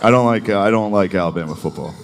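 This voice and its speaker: A man's voice: lowish voice, fast talker, creaky. A man doing a stand-up comedy set on a club stage, loose and profane, slipping into mocking voices. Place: comedy club stage before a laughing crowd. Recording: live club recording with audience noise.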